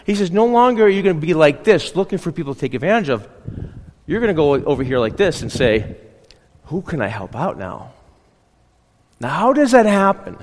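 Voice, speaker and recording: Chatty pastor in a reverberant hall. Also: male voice, high-pitched, big pitch swings, fast talker, a little mellow. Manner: chatty, keeps checking in with the congregation. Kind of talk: conversational sermon. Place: church.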